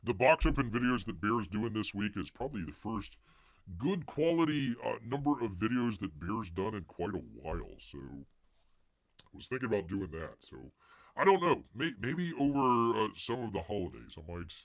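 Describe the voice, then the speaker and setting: A man with a fairly low voice and big pitch swings, speaking at normal speed with no echo, hosts a comics news live stream. Casual and rambling, he jokes around, mutters asides, and refers to himself as Bear.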